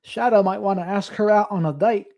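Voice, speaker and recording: A commentator on a live stream reacts to the action and reads out comments from the chat with a joking tone. The voice sits at an average pitch and the delivery is loose and casual. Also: brisk, a little mellow, slight background noise.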